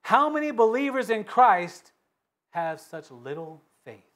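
Man preaching, high voice, fervent, loud peaks, hushed asides, scripture reading. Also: big pitch swings, unhurried. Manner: reads scripture in King James wording with emphatic repetition. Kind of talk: sermon.

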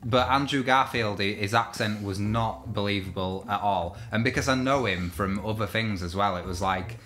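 Blunt, bright-voiced male film critic. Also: on the low side, moderate pace, faint music behind. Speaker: film review co-host. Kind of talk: casual film discussion.

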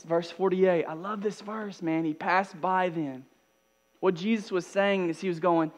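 A man pastor delivering a sermon, moving between loud emphatic passages and soft, hushed asides. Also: high-pitched, steady tone, unhurried. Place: church.

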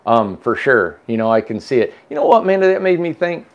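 A man's voice: mid-range voice, sing-song, a little fast, dull audio. A man hosting a casual chat, telling a long story with restarts and asides. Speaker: host.

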